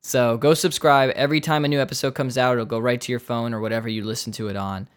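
A man's voice: mid-range voice, fairly even intonation, fast talker, clear, resonant tone. Rambling casual podcast host, man. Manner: rambling, joking asides, many fillers.

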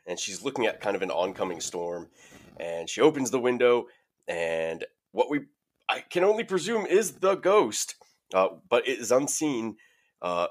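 A man hosting a podcast, retelling a horror movie's plot in a rambling, filler-heavy way. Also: on the low side. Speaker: podcast host. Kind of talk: casual movie recap.

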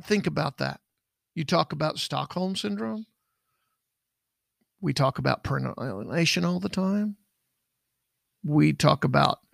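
Middle-aged man, ex-investigator type, very gravelly voice, dry close sound, rambling storyteller. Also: on the high side, a bit bright, dry recording. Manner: rambling, acts out quoted dialogue. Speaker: podcast co-host, former investigator. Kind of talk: casual true-crime storytelling.

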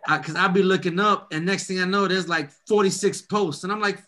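A man hosting a casual chat, telling stories in a loud, profane, animated way and quoting other voices. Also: sits high, brisk, hardly any pauses.

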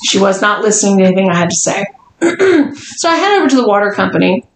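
A woman's voice: medium pitch, quick pace. A woman podcast host telling a story casually, swearing a lot and acting out what people said. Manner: profane, animated, quotes people. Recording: roomy echo, faint noise.

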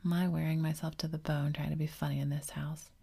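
A woman's voice: low voice, level tone, fairly quick, vocal fry, mellow, slightly rough, heavily acted. A woman voicing a proud, blustering middle-aged father in a whispered role-play.

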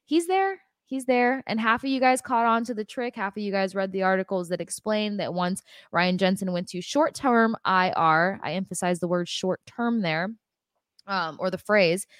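A woman co-hosting a sports podcast, talking to fans in a lively, emphatic way. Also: mid-range voice, normal speed, smooth, no echo, studio quality. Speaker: podcast co-host. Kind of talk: casual sports chat.

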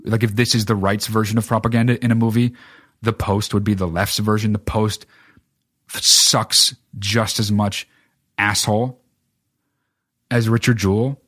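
A man's voice: on the low side, flat delivery, normal speed, long pauses, fairly bright tone, dry recording, studio quality. A man hosting a solo podcast, ranting casually about films in a profane, rambling way with lots of filler words. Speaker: podcast host. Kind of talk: casual solo film rant.

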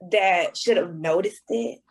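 A young woman speaking as a podcast guest, expressive and emotional, often laughing as she talks candidly. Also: medium pitch, a little slow, breathy edge. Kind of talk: candid conversation.

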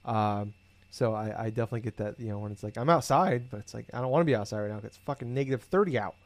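A man's voice: fairly low pitch, racing, dry recording. Rambling, profane man in casual chat. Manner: rambling, profane, animated storytelling.

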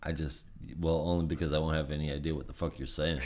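Very deep-voiced man, blunt and halting. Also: flat delivery, a little mellow. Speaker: podcast co-host. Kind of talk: casual comic book chat.

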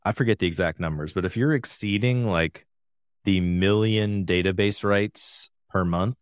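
A man co-hosting a podcast in casual, rambling chat, full of fillers and quick laughs. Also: low voice, smooth, no echo, studio quality. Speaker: podcast co-host.

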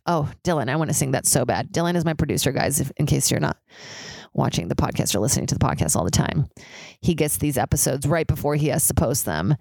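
A woman's voice: deep voice, lively intonation, fast, creaky, darkish tone, no room sound. A young woman hosting a solo podcast, rambling and profane, with many "like" fillers. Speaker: podcast host. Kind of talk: casual solo podcast monologue. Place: high-rise apartment with street sirens outside.

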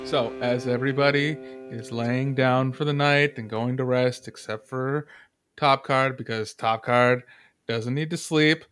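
A man running a tabletop game as game master, describing scenes in a relaxed way with fillers. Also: medium pitch, a little slow, music in the background.

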